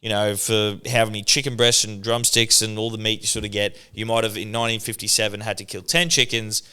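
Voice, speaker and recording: A man's voice: on the low side, flat delivery, a little fast, bright, forceful tone, smooth. A young Australian man, a podcast co-host, telling stories in laid-back casual chat full of swearing and slang.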